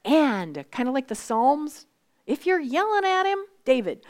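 A woman in her sixties giving a faith talk to a live group, speaking in an animated, conversational way and often dropping to a whisper for emphasis. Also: sits high, normal speed. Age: 60s. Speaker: women's Bible study speaker.

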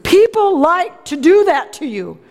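A woman's voice: very high voice, very animated, measured pace, darkish tone. A middle-aged woman preaching a sermon, telling a personal story in a folksy way and acting out the other people's lines. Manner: folksy storytelling, acts out quotes.

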